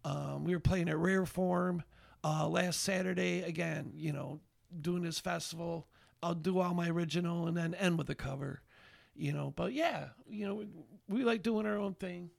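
A high-pitched, gravelly man tells stories on a podcast in a lively, rambling way, stopping and restarting his sentences. His voice is bright and a little raspy at the edges. The sound is dry and close. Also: normal speed, dry recording. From Albany, New York area. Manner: animated, rambling with many fillers and restarts. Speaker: songwriter and bandleader, podcast guest. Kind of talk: casual chat, storytelling.

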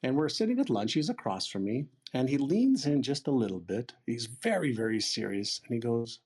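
Man, sixties, husky voice, lively storyteller, voices the dialogue. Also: mid-range voice, normal speed. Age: 60s. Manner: lively retelling, acting out quoted dialogue, casual swearing. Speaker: interview guest. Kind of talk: storytelling in a conversation.

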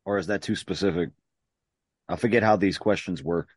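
Laid-back, low-voiced male podcast host. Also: fairly quick, slightly rough, no room sound. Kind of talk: casual chat.

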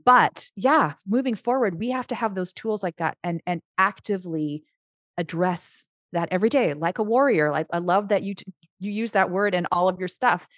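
A middle-aged woman talks as a Christian life coach in an earnest, animated way, often breaking off and starting her sentences again. Her pitch sits in the middle of the usual range for a woman. The recording is very dry, with no room sound. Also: normal speed, no echo. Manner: earnest, animated, with frequent restarts. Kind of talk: casual podcast conversation.

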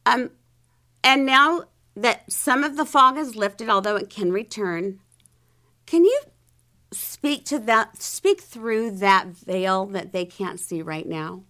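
A woman's voice: medium pitch, lively intonation, slow, sharp tone. A woman hosting an interview, reflective, asking thoughtful questions and laughing easily. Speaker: host. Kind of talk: conversational interview.

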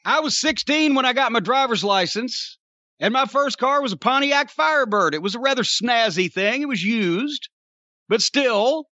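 An older man rants on a podcast in a high, bright voice, swearing freely and sarcastic throughout. The sound is dry and a little dull, close and without room echo. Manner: profane, ranting, sarcastic storyteller. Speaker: podcast host. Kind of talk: casual podcast rant.

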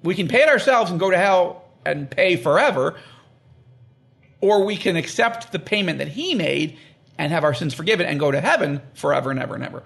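A man explaining the Bible in an interview, emphatic and animated, acting out quoted voices and repeating phrases for stress. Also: high voice, fairly quick, creaky. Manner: animated, acts out quoted prayers and God's words. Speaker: guest explaining scripture. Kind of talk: conversational interview.

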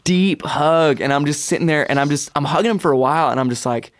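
A man in his twenties, a singer, excitedly telling a story in an interview and acting out quotes. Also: fairly high pitch, quick pace, dry recording. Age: 20s. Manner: animated, swears, acts out quotes in whispers. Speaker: guest singer.

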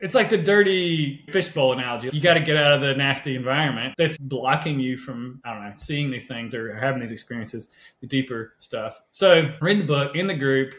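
A man telling personal stories as a podcast guest, animated and conversational, often checking in with "right?". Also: mid-range voice, a little fast, a little hiss or hum. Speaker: podcast guest, health coach. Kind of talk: casual storytelling interview. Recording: roomy echo.

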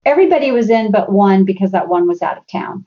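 Animated middle-aged woman telling stories. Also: mid-range voice, quick pace, lo-fi sound. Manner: animated storyteller, acts out family members' voices. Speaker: guest speaker. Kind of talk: storytelling in a podcast interview.

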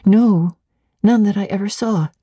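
A woman's voice: mid-range voice, measured pace, breathy edge, no room sound, studio quality, voice pushed up. A woman voicing an earnest young governess. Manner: quiet, earnest, plain-spoken.

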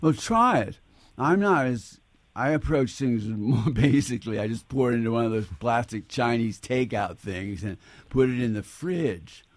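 A man, a chef and cookbook author, chatting as a guest on a radio call-in show, relaxed and modest, thinking aloud. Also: medium pitch, moderate pace, no echo.

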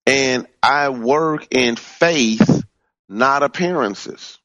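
A man teaching in a sermon style, stressing key words by swooping up in pitch and repeating phrases. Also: lively intonation, slow pace, fairly bright tone, dry recording, dull audio. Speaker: minister teaching from a book.

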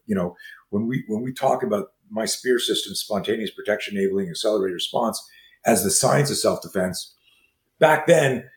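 A man in his sixties who teaches martial arts, telling stories as an interview guest and acting out the dialogue in quick, animated bursts. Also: on the low side, a little hiss or hum. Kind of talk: storytelling in a conversation. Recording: roomy echo.

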